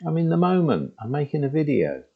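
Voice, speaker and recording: A man giving a reflective spoken talk to his laptop at home, halting and conversational with frequent restarts. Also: a little high, huge pitch swings, slightly rough, narrow, tinny audio. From England. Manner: halting and conversational, with many restarts and "you know". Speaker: spiritual teacher. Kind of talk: reflective spoken monologue to camera. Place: room at home with the door open. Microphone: laptop microphone.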